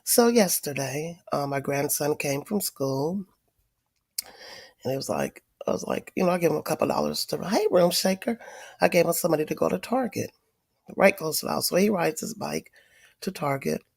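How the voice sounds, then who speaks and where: A middle-aged woman talks straight to her livestream viewers, spinning an animated story full of swearing. She is sick and wheezing from a cold, and her voice is husky and gravelly. The sound is dry and close. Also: deep voice, moderate pace, dry recording. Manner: profane, emphatic, addresses viewers directly. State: tired. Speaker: livestream host.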